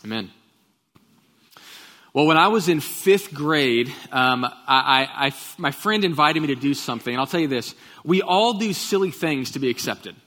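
Pastor preaching in a reverberant hall. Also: male voice, a little high, moderate pace. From Texas. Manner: storytelling with acted quotes, relaxed and conversational. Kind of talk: sermon. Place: church sanctuary. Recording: long church hall reverb.

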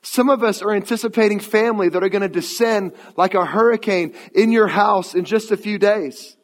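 With a high voice and moderate pace, a man in his late thirties delivers a sermon as pastor. He tells stories in a conversational way, and the sanctuary adds a long hall reverb.

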